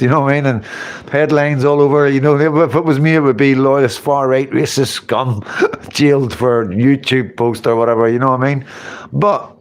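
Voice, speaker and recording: Rambling man, live chat. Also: medium pitch. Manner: rambling, repeats phrases, swears casually. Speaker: livestream host reading chat.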